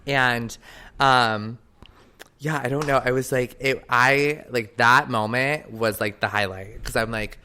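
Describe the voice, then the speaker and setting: Male podcast co-host, casual and excitable, rambling storyteller, clear bright voice. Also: medium pitch, a little slow. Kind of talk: casual chat.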